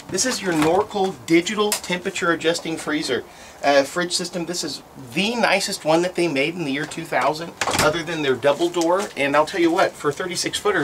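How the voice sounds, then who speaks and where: A man's voice: on the high side, fairly bright tone, slight background noise. A man giving an upbeat, folksy sales walkaround of a motorhome on a sales lot.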